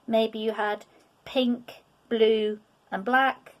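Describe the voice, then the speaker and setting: A middle-aged woman teaching a beginners' language lesson, patient and repetitive, often checking in with "okay?". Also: on the high side. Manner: patient, repeats words slowly, checks in with "okay?". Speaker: French teacher. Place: room, sitting at a table.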